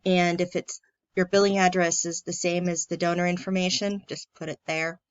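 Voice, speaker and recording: A woman's voice: on the low side, little pitch movement, normal speed, smooth, no room sound, muffled recording. A woman from a church staff, talking through an online tutorial in a friendly, plain step-by-step way. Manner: friendly, plain step-by-step walkthrough with filler ums. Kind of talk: casual screen-recorded tutorial.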